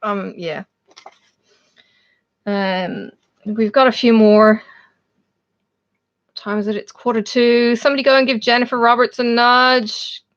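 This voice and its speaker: On dull, lo-fi stream audio, an Irish woman hosts a relaxed live chat from her home in Australia. Her voice sits on the high side, steady and unhurried, with long pauses. She chats easily, laughs often, and greets viewers by name.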